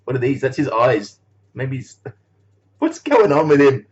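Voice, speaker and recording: A man rambles through a casual vlog chat, his pitch bouncing up and down. He chuckles between thoughts and swears without a second thought. The recording sounds a bit dull and lo-fi. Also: sing-song, measured pace, slight background noise. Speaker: animator vlogger.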